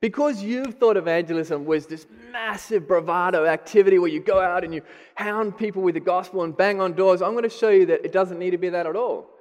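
Aussie guy preaching a testimony, kinda high voice, candid and self-mocking, big hall echo. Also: a little fast. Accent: Australian. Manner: candid, self-deprecating storytelling. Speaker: speaker giving a testimony. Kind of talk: sermon testimony. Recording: long hall reverb.

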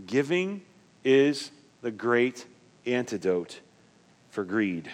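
A man preaching a sermon as pastor, swinging from emphatic loud points to quiet, low asides. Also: very animated, extremely slow, long reverb tail.

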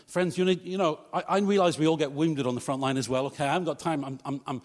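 A man's voice: a little high, fairly even intonation, fast talker. Man preaching in a reverberant church. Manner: conversational, humorous asides to congregation. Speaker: pastor. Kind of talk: preached sermon. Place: church hall.

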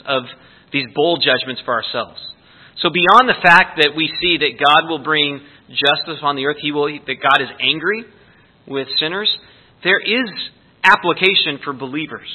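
A man giving an earnest, explanatory verse-by-verse sermon as a Bible teacher. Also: medium pitch. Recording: tinny phone-like sound.

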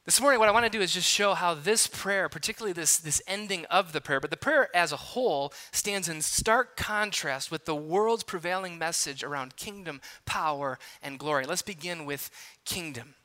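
A man in his thirties from Wisconsin preaching a sermon, telling a personal story in an animated, conversational, self-deprecating way. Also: fairly high pitch, moderate pace. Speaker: pastor. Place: large church hall.

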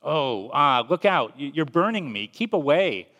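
A man's voice: sing-song, moderate pace, fairly bright tone, lo-fi sound. A man voicing a fussy, nervous male ghost who pleads and makes excuses. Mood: flustered pleading. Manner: nervous, apologetic, higher-pitched. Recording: long reverb.

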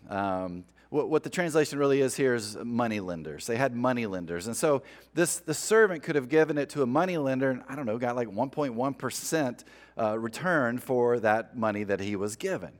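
A man's voice: mid-range voice, animated, fairly quick. A man preaching a sermon in a conversational way, acting out the lines of a parable as he retells it. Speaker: pastor.

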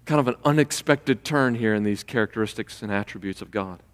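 A man preaching a sermon in a church, rising to loud, emphatic passages and acting out the people he quotes. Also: a little fast. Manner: builds to loud, high-pitched emphatic preaching; acts out quoted voices mid-sermon. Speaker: pastor. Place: church sanctuary. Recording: long reverb of a large hall.

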